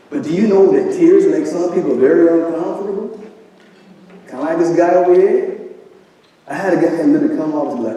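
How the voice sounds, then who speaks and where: A man's voice: fairly high pitch, a little fast, long pauses, warm tone, recorded from a distance. Man preaching in an echoey hall. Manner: preachy, full of rhetorical questions to the audience. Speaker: event speaker. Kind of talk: motivational talk. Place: large hall with live audience.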